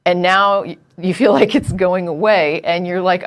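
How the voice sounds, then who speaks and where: A woman's voice: on the low side, steady tone, normal speed, clear, resonant tone. A woman co-hosting a call-in show, talking to a caller in a direct, earnest, explaining way. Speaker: co-host.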